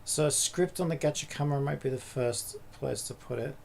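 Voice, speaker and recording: A man's voice: medium pitch, fairly quick, vocal fry, darkish tone, a little hiss or hum. A man streaming live while building a game, thinking aloud in a rambling, casual way and swearing now and then. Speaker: streamer and indie game developer.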